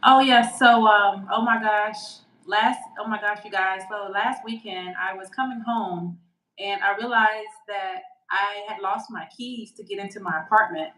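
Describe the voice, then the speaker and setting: A woman co-hosting a podcast over a video call, telling a story in a casual, animated way and acting out the dialogue. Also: medium pitch, measured pace, echoey room, poor audio. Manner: animated, excitable, acts out quoted dialogue. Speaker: podcast co-host. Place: her home during a storm.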